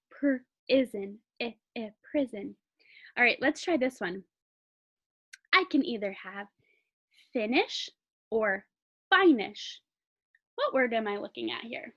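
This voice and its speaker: A woman teacher giving a recorded phonics lesson, patiently sounding words out slowly for young learners. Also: sits high, dull audio.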